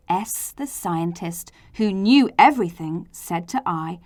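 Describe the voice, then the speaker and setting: A woman slowly and expressively reading a children's storybook aloud. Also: medium pitch, animated, darkish tone, no echo, clean studio sound.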